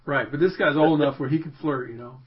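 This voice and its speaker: Husky man telling a rambling story. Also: on the high side, fast talker, lo-fi sound. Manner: rambling, self-interrupting, puts on voices in anecdotes. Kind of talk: casual storytelling.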